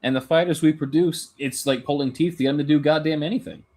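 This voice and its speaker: A man's voice: a little high, fairly even intonation, quick pace, darkish tone. A man co-hosting a boxing talk stream, making dry, wry remarks. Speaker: co-host. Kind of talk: casual chat.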